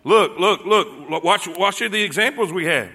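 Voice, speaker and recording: A man's voice: high voice, moderate pace, sharp tone, breathy edge. A man preaching a sermon, praying and then teaching with fervent call-and-response. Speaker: pastor.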